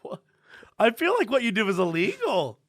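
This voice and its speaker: A man co-hosting a podcast in casual chat, teasing with deadpan jokes. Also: sits high, normal speed, no echo, studio quality. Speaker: podcast co-host.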